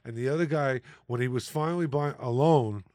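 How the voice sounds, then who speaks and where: A man's voice: mid-range voice, a little fast, darkish tone, dry recording, studio quality. A man in a casual film chat, speaking hesitantly with frequent restarts. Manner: hesitant, restarts often, keeps trying to get a word in. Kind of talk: casual movie discussion.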